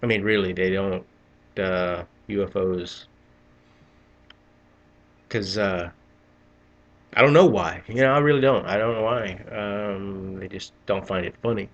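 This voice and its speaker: A man's voice: on the low side, creaky, muffled recording. A middle-aged man telling a rambling, profane story in a casual vlog, often restarting his sentences. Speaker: vlogger.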